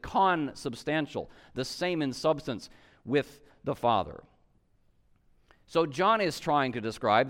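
A man with a fairly high voice that moves a lot in pitch, teaching theology. He explains earnestly and repeats his key points for weight. He often stops mid-sentence and starts over to find the right word. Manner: earnest, explanatory, with frequent restarts and emphatic repetition. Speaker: teacher of the Creed. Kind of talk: theology lesson.

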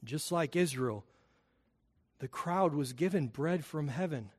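A man preaching a sermon, emphatic, swelling loud on key phrases and dropping low and quiet between them. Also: animated, measured pace, husky.

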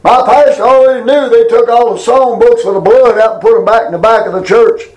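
A preacher man, older, with a voice pitched unusually high. He preaches in a folksy, colloquial way and stretches scripture out slow and emphatic. It's a down-home sermon delivered from the pulpit. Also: fairly even intonation, a little mellow, roomy sound, rough recording.

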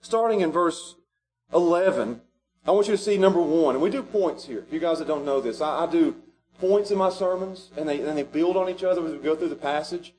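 A man preaching a sermon as pastor, animated and rising to shouts at the high points. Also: brisk, slight background noise.

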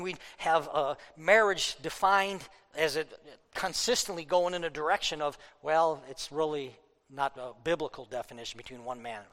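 A man preaching a fiery political sermon, worked up, swinging between loud outbursts and low asides. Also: big-room sound.

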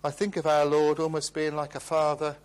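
A middle-aged man preaching a sermon, earnest and gently pleading, slowing down as he reads scripture. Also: on the high side, completely flat delivery, clear, resonant tone.

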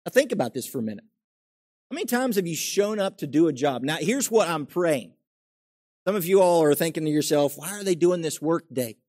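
Speaking a little fast and expressively, this middle-aged male pastor preaches conversationally, asking his congregation questions and playing out everyday quotes. His voice is a little high, with a darkish tone.

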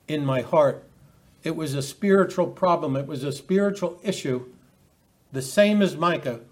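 A man preaching a sermon in a fairly high voice. He stops and restarts often, repeating words, and leans harder into the scripture he quotes. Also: darkish tone.

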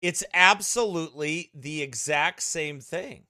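Sharp-toned mocking preacher man. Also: fairly high pitch, takes it slowly, no room sound, clean studio sound. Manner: mocking, sarcastic asides. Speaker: pastor. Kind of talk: fiery sermon.

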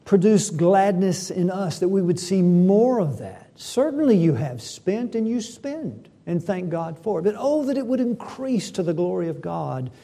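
A man's voice: high voice, very animated, measured pace, vocal fry, hardly any pauses, warm tone. A man preaching a sermon, reading scripture and building to fervent emphasis. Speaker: pastor.

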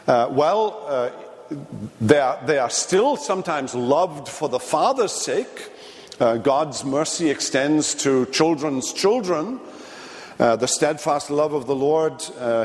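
A man teaches a sermon lecture in a fairly high voice, with an earnest, halting delivery full of fillers and repeated words. The sound is carried by the long, ringing reverb of a large church sanctuary. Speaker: preacher teaching a midweek theology class.

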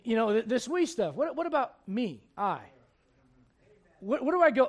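A man preaching a sermon, shifting between quick asides, mimicked voices of churchgoers, and low, slow scripture reading. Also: sing-song.

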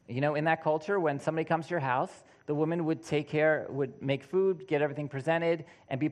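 A man's voice: on the high side, fast talker, hardly any pauses. A man preaching a conversational sermon, now and then acting out what people in his examples say. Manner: conversational, animated, acts out quoted voices.

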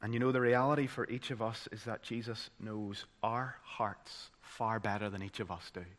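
Bright-voiced Northern Irish preacher. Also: male voice, on the low side, fairly even intonation, normal speed. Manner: dramatic, swinging from loud emphasis to hushed tones. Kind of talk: sermon.

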